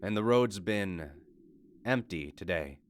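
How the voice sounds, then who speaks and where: A man voicing a calm, firm woman, the narrator's wife, in a blunt and commanding manner within a horror story. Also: low voice, slow pace, a little hiss or hum.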